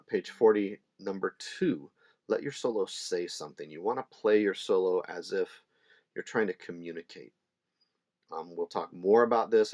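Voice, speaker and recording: A middle-aged man teaching ukulele in a relaxed, chatty way, with fillers and small laughs. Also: low-pitched. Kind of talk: casual instructional talk. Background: ukulele playing between phrases.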